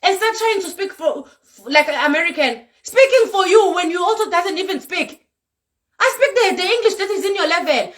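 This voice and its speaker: A woman's voice: extremely high pitch, lively intonation, brisk, fairly bright tone. A South African woman with a Zulu accent, a vlogger giving a fiery, scolding rant to camera, repeating herself for emphasis. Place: Europe.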